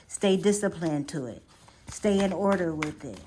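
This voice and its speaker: A woman's voice: on the low side, expressive, background noise. A chatty woman giving an affirming reading. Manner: chatty and affirming, slipping into slow, soft affirmations; repeats and restarts phrases as she thinks aloud. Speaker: astrology and tarot reader. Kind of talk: casual spiritual reading vlog.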